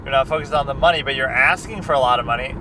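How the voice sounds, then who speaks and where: A man's voice: medium pitch, rapid-fire. A man in a casual reaction chat as a film critic, rambling and conversational, with lots of fillers and restarts. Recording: distant mic with street traffic noise.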